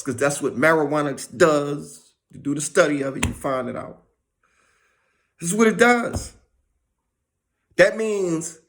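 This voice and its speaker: Male vlogger, casual monologue, animated and slangy, lively and a bit high in pitch. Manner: animated, slangy, acts out conversations.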